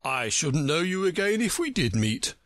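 Man doing a pompous, touchy storybook egg, lofty verse with big high swoops, dry close sound. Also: sing-song, moderate pace, a bit bright, dry recording. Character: proud touchy egg-shaped male storybook figure.

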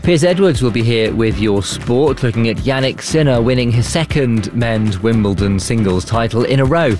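A man presenting live radio news in a brisk, formal manner. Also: medium pitch, animated, over music.

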